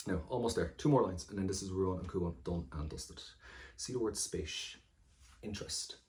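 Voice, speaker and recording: A man's voice: low-pitched, moderate pace, a little mellow. A man with an Irish accent, teaching exam vocabulary and explaining each word in turn in an encouraging way. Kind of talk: exam-prep lesson.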